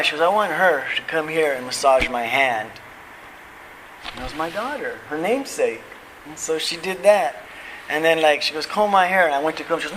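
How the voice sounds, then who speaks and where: A man's voice: on the high side, pushed and bright, slight background noise, low-quality recording. A middle-aged man giving a heartfelt personal testimony at a recovery convention, telling his story casually with slang like "man" and "dude". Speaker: recovery meeting speaker. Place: convention hall.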